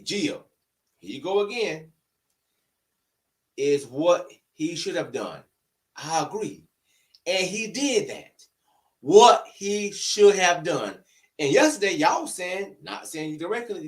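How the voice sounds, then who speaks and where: A man with a high, swooping voice rants straight to camera in a heated, argumentative way. He fires off rhetorical questions one after another, and his pitch rises and falls widely as he pushes his point. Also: very animated, a little slow, pauses often, far from the mic. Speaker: online commentator. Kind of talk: heated opinion rant to camera. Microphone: camera-facing recording.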